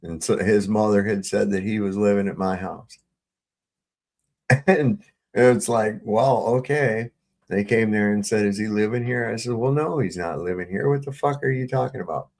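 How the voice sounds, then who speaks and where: A man on a video-call livestream, telling stories with lots of swearing and laughter, getting loud when he retells arguments. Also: on the low side, moderate pace. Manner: profane, storytelling, laughs often, gets heated retelling run-ins. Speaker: panel co-host. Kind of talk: casual livestream chat.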